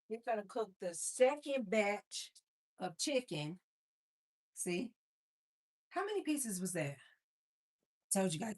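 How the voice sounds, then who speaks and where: A woman hosting a casual cooking livestream, telling stories animatedly and talking to viewers. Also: medium pitch. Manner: animated storyteller, talks to viewers as "you guys". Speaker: livestream host.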